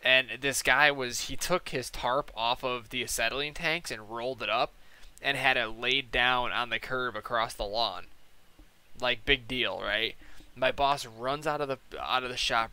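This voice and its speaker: A man's voice: mid-range voice, normal speed, pushed and bright. A young man chatting casually over his gameplay, telling stories in heavy slang with lots of swearing and acting out the people he quotes. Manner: profane, slangy, heavy "like" and "dude"; acts out quoted people in changed voices. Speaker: gameplay commentator.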